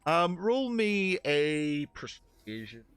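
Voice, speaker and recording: A man running a tabletop game as game master, talking in a hesitant way with many pauses and restarts. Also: fairly high pitch, very animated, a bit bright, clear, resonant tone, no room sound, faint music behind.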